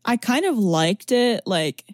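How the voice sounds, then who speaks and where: A woman's voice: a little high, takes it slowly, no echo, clean studio sound. A young woman in casual conversation about a movie, talking loosely with lots of "like" fillers. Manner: chatty, many "like" fillers, animated quoting.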